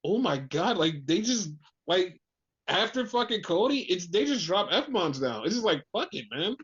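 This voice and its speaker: A man's voice: sits high, normal speed, slightly rough. A man co-hosting a podcast, chatting casually and animatedly about wrestling, swearing freely and acting out what others said. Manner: animated, swearing, acts out quotes. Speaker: podcast co-host. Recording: dull lo-fi podcast audio.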